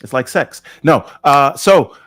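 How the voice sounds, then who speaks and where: A man's voice: mid-range voice, takes it slowly, faint music behind. A man co-hosting a gaming podcast, talking animatedly, tagging "right?" onto his points. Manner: animated, says "right?" often, acts out quoted voices. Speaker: podcast co-host. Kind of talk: casual podcast debate.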